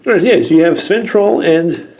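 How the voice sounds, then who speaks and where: Thirties male toy reviewer, warm mellow voice, excitable and wry. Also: on the high side, brisk, slight background noise. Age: 30s. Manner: excitable and sarcastic, talks to the toys.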